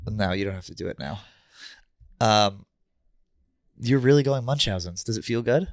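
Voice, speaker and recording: A man's voice: on the low side, animated, normal speed, no echo, studio quality. A young man co-hosting a podcast, teasing his friend in easy casual chat. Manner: teasing, joking. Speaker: podcast co-host.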